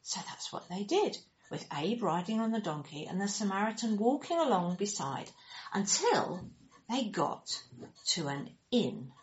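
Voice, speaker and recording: A woman reads a children's story aloud with a lively, swooping voice that keeps rising and falling. She acts out every character and adds little sound effects as she goes. The recording sounds dull and lo-fi. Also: medium pitch, measured pace. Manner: animated and expressive, voicing characters with sound effects.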